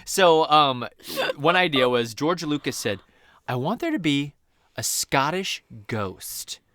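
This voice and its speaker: A man with a slightly high voice speaks slowly, with no echo, while co-hosting a podcast. In casual chat he tells stories as an animated storyteller, acting out quotes.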